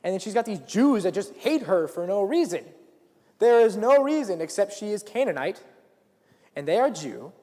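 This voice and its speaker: A teenage boy preaching at a school week of prayer, talking earnestly and casually with plenty of restarts. His pitch moves a lot, rising and falling with the story, and a long reverb trails off the hall walls. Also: very animated, moderate pace, dark tone. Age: late teens. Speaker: student speaker. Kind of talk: youth sermon retelling a Bible story. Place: school chapel or hall, live.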